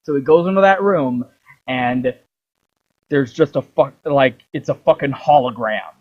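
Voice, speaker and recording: A man's voice: medium pitch, measured pace, muffled recording. A young man hosting a rambling video about games. He swears freely and acts out the lines he quotes. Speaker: video host. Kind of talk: rambling game commentary.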